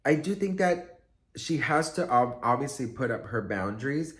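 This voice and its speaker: A man telling a story casually to camera, chatty and expressive, acting out quotes with lots of fillers. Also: medium pitch, moderate pace. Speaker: vlogger and storyteller.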